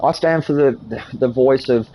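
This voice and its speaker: A man's voice: mid-range voice, moderate pace, highs cut off. A man in his forties ranting heatedly in casual voice chat while gaming, swearing a lot. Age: 40s. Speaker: gamer chatting with party.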